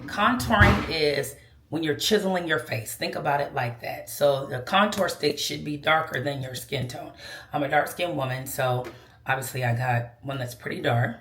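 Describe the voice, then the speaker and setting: A woman's voice: deep voice, fairly bright tone. A woman giving a casual makeup tutorial, chatty and sassy, calling viewers girl and child. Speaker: beauty vlogger. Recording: echoey room.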